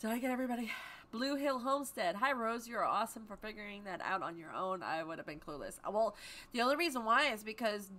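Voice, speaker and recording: A woman's voice: mid-range voice, lively intonation, quick pace, pushed and bright. A woman hosting a live stream from home, chatting casually and greeting viewers by name. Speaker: livestream host.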